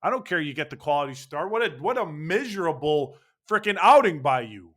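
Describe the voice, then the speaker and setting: A man's voice: on the high side, very animated, brisk, a bit bright. A man ranting angrily and sarcastically about his baseball team's loss, swearing as he goes. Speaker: baseball fan commentator. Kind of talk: ranting sports commentary.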